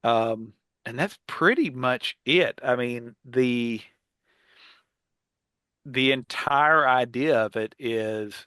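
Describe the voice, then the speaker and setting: A man's voice: mid-range voice, slow pace, pauses often, a bit bright, clean tone, no room sound. A man co-hosting a casual podcast, rambling with many fillers and restarts. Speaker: podcast co-host. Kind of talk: casual panel chat.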